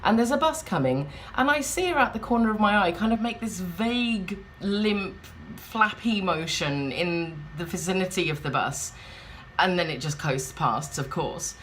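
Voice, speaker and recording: A woman's voice: on the low side, animated, moderate pace, a bit bright, a little hiss or hum. A woman chatting in a rambling, wry way, vlogging from a hotel room. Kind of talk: casual vlog chat.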